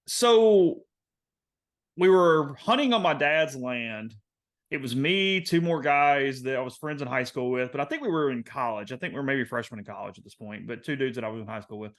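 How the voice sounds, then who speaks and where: On a podcast, a young male co-host with a Southern American accent and a mid-range voice rambles through a long, casual story. He uses plenty of fillers and gets more and more animated as he goes.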